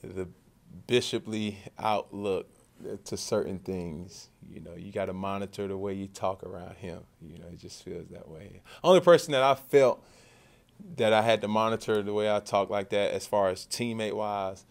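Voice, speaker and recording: A man's voice: fairly low pitch, moderate pace, creaky. A man, a football quarterback, answering questions at a press conference in a loose conversational way, often repeating and restarting words. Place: media session after practice.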